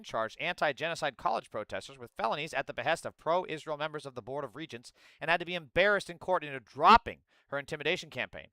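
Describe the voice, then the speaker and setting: Male commentator, sarcastic and profane, with a crisp, dry sound. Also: a little high, sharp tone, dry recording. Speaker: political commentator. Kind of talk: ranting political commentary.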